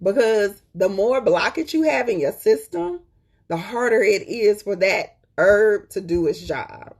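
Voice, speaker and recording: In a casual live stream, the host talks to her viewers colloquially as "y'all," making emphatic points, repeating them, and checking in often with "okay?". She has a mid-range voice and sounds animated but keeps a measured pace.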